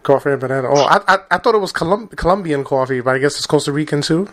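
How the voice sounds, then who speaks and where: A man's voice: a little high, racing, fairly bright tone. A man hosting a podcast interview, chatty and joking, dropping "man" into his lines. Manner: chatty, jokey, says "man" often. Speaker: podcast host. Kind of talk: casual interview chat. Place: Twin Lakes, Wisconsin.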